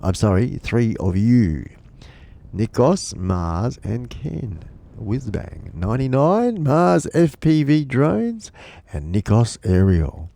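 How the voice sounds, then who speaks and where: A man's voice: mid-range voice, very animated, slow, vocal fry, mellow, no room sound. A middle-aged man hosting a casual live stream from his home studio, rambling and joking with many restarts, stuffed up with a cold. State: blocked up with a cold.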